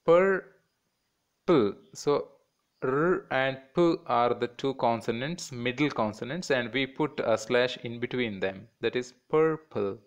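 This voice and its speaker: A man teaching a children's class in Indian English, patiently repeating words and breaking them into syllables. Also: medium pitch.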